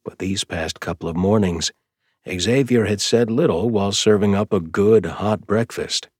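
A man narrating an audiobook in a measured, even storytelling voice, close to the mic. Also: on the low side, breathy edge, no echo. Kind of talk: scripted narration.

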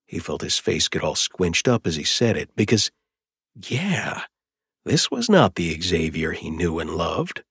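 A man narrating an audiobook in a measured, even storytelling voice, close to the mic. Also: low-pitched, husky, dry recording. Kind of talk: scripted narration.

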